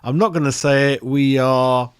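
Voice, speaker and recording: A man's voice: medium pitch, steady tone, moderate pace, smooth, dry recording, clean studio sound. A man hosting a live stream match reaction, exasperated and calling everyone mate. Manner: exasperated, keeps saying mate. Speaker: fan channel host.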